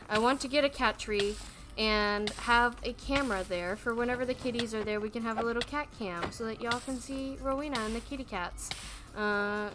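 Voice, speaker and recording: A woman's voice: on the high side, noisy background. A woman streamer chatting casually and gushing in a rambling way about her pets.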